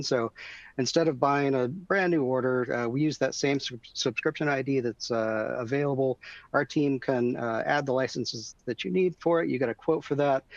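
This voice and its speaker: A man's voice: mid-range voice, gravelly, no room sound. Guy hosting a tech webinar, reads questions, lots of uh's, dry muffled sound. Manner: relaxed, many "uh" fillers. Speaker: webinar host. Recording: dry muffled webcast audio.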